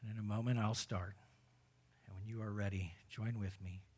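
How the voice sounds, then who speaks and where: A man guiding a spiritual community through a mantra and hand gesture in a relaxed, casual way, with frequent hesitations and restarts. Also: on the low side, normal speed, slightly rough. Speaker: meditation leader. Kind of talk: guided meditation instruction. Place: spiritual community service, live-streamed.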